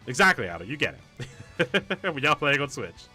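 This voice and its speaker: Bright-voiced man rambling over a game. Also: medium pitch, big pitch swings, a little fast, soft background music. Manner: rambling, many fillers and restarts, laughs often. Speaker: streamer. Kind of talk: casual game stream commentary.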